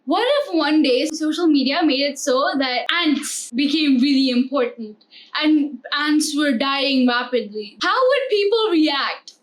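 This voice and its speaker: A woman's voice: sits high, expressive, a little slow. A teenage girl hosting a jokey, rambling comedy vlog. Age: teens. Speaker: vlogger.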